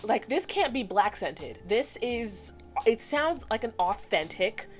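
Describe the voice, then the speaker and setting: A woman in her twenties giving a chatty, animated recap of a cartoon episode, slipping into voices for the characters. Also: fairly high pitch, slow, faint music behind. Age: 20s. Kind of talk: casual commentary recap.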